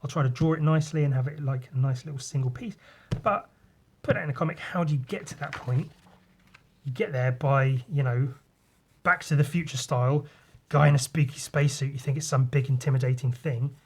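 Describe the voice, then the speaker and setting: A man hosts a podcast and walks loosely through pages of his own comic. He rambles, swears casually and mouths little sound effects as he goes, in a voice that sits at an ordinary middle pitch. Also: brisk, darkish tone, breathy edge. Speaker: podcast host.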